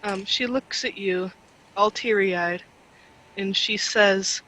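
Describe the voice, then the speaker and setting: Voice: medium pitch, takes it slowly, bright, forceful tone, slight background noise, poor audio. A tabletop game player chatting casually, stepping in and out of character, prone to giggling and restarting sentences. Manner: giggly, talks in restarts and fillers.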